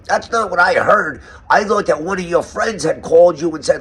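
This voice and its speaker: A man's voice: on the high side, moderate pace, few pauses, a bit bright, a little hiss or hum. A man with a New York accent hosting a mock interview roast, asking questions in a sarcastic, mock-serious way. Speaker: roast host.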